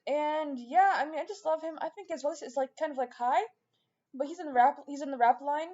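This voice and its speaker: A woman's voice: high voice, brisk, a little mellow, highs cut off. A woman vlogger chatting casually and rambling, with lots of fillers and restarts. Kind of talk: casual chat to camera.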